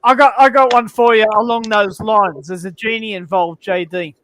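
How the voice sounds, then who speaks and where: A man's voice: high-pitched, steady tone, moderate pace, pushed and bright, poor audio. A man guest on a live stream, casually telling long, rambling crude jokes.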